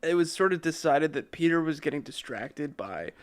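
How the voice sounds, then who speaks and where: A man's voice: a little high, moderate pace. A man co-hosting a podcast, telling a story in casual chat with lots of fillers and chuckles. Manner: relaxed, many fillers and chuckles. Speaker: podcast co-host.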